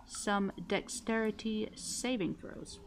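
A woman's voice: mid-range voice, slow, slight background noise. A woman narrating a tabletop game as game master, easygoing and often laughing.

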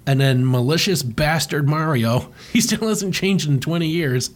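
A man's voice: a little high, moderate pace. A man co-hosting a podcast, narrating a comic with crude jokes and frequent laughter. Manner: animated, crude, laughing often. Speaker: podcast co-host. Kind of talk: casual comedic commentary.

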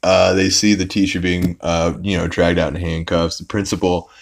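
A man's voice: low voice, little pitch movement, normal speed, creaky. A young man hosting a podcast, recapping an episode in a rambling, casual way with lots of fillers and restarts. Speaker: podcast host.

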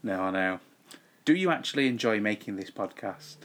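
A man's voice: fairly low pitch, expressive, moderate pace, a bit bright. A man, co-hosting a podcast in playful casual chat. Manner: playful, repeats himself patiently. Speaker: podcast co-host. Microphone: podcast mic with headphones.

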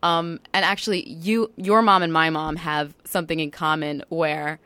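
A woman's voice: low voice, steady tone, normal speed, bright, forceful tone, clear, resonant tone, no echo. A woman from New York with a faint New York accent, chatting casually as a podcast guest and peppering her talk with "like" and "you know.". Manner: chatty, scattered with 'like' and 'you know'.

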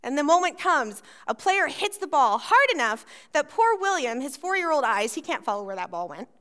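A woman's voice: high voice, moderate pace. A woman pastor preaching a sermon, telling a personal story and acting out the voices in it. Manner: animated storytelling, acts out voices.

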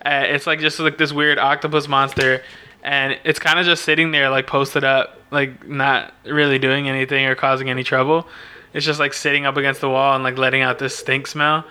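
A man's voice: medium pitch, flat delivery, a little fast, pushed and bright, clear, resonant tone. A man chatting casually as a podcast co-host, laid-back, filling his talk with "like" and laughing often. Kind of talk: casual chat recapping a film.

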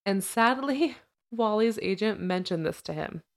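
This podcast co-host speaks a little slowly, her mid-range voice full of lively intonation. She's chatty and laughs a lot as she goes back over a film's scenes and trivia in a casual recap.

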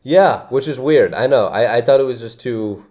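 A man's voice: mid-range voice, animated, moderate pace, mellow. A young man in casual chat as a podcast co-host, rambling, restarting his sentences and laughing often.

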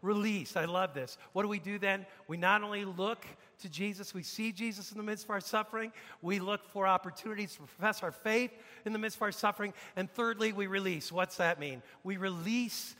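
Male pastor preaching, emphatic and dynamic, high voice, long hall reverb. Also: brisk, few pauses. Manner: emphatic preacher, swings from hushed to loud. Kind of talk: sermon.

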